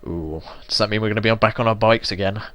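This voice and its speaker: A man's voice: lowish voice, quick pace, a bit bright, dry recording. A young man from England giving casual, sweary, ranting commentary while playing a video game. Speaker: let's play gamer.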